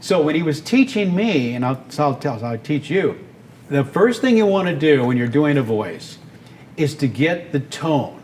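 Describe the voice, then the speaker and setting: Animated older man telling stories. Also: fairly high pitch, normal speed, slight background noise. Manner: animated, enthusiastic storyteller. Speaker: guest, radio and voice performer. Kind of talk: storytelling interview talk.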